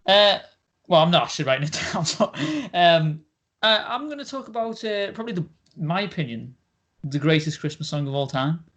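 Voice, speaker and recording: Young man, podcast co-host, loose rambling delivery, slightly high voice. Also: animated, brisk, a bit bright. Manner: rambling, laughs often, many fillers. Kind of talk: casual chat.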